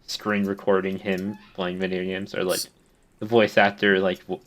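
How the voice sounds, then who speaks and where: A man's voice: sits low, level tone, normal speed, fairly bright tone. A young man co-hosting a podcast, tossing in dry, joking asides in casual chat. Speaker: podcast co-host.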